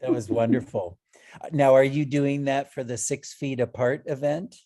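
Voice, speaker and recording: A man's voice: medium pitch, fairly even intonation, normal speed, dark tone. A man hosting a storytelling swap online, chatting casually and encouraging the tellers. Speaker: event host. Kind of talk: casual emcee chat.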